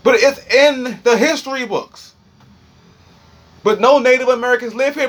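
High-voiced rambling man with a D.C. accent. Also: normal speed. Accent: Washington, D.C. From Washington, D.C. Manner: rambling, profane, animated. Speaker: streamer. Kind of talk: rambling freestyle monologue.

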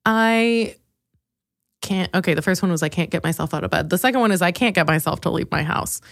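A woman in her twenties hosting a comedic solo podcast, swearing freely and laughing at herself in an animated rush. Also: lowish voice, fairly quick, no echo, studio quality. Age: 20s. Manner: profane, self-mocking, animated, laughs a lot. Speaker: podcast host.

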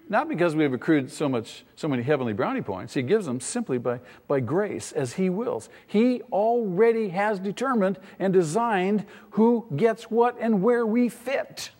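A man's voice: high-pitched, expressive, measured pace, darkish tone, big-room sound. A man preaching a teaching sermon, asking the congregation questions and rising in emphasis. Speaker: pastor.

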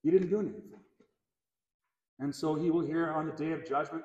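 A man's voice: fairly high pitch, steady tone, fairly quick, dark tone, lo-fi sound. A man preaching a sermon as pastor, earnest, repeating key phrases for emphasis, recorded in a church. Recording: echoey church hall, long reverb.

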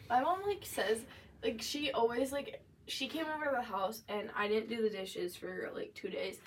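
A young woman co-hosting a podcast in casual chat, talkative and quick to laugh, with lots of fillers. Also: fairly high pitch, slight background noise. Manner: chatty, laughs easily, many "like" fillers. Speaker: podcast co-host. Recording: voice a bit distant from the mic.

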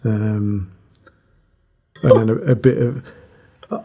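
Man, podcast host, gravelly, breathy, easygoing. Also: lowish voice, steady tone, slow, warm tone, lo-fi sound. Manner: easygoing, self-deprecating. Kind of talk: casual chat.

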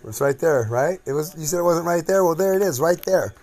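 A man's voice: a little high, fairly quick, a little mellow. A man hosting a casual podcast chat at home, crude and joking, rambling from one thing to the next. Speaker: podcast host.

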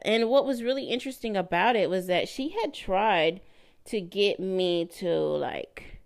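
A woman hosting her own podcast, telling a personal story in a casual, animated way and acting out the voices in her quotes. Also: medium pitch, unhurried, gravelly. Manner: animated, laughing, mimics voices in quoted lines. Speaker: podcast host.

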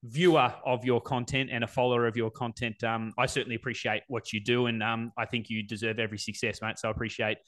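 A man in his forties hosting a casual interview, speaking warmly with many ums and restarts. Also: mid-range voice, flat delivery, fast talker, few pauses. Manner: warm, hesitant, many ums. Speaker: interviewer, fitness coach.

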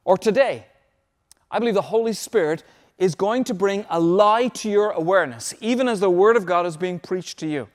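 A man's voice: sits high, moderate pace. A man preaching a sermon as pastor, emphatic, repeating key phrases so listeners can take notes.

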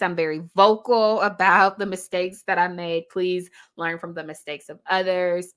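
A woman's voice: on the low side, steady tone, normal speed, hardly any pauses, a bit bright. A woman giving casual, emphatic reaction commentary, chatty and laughing often.

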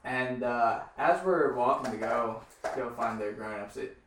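A man's voice: mid-range voice, a little slow, a bit bright. Man joking in an echoey room. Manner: joking, storytelling, crude banter. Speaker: podcast co-host. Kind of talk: casual chat. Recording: echoey room from far off, faint noise.

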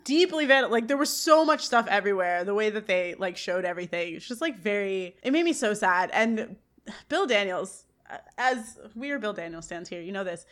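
A woman's voice: mid-range voice, lively intonation, normal speed, fairly bright tone. Woman, podcast co-host, casual scene recap, emotional, gushing, trailing restarts.

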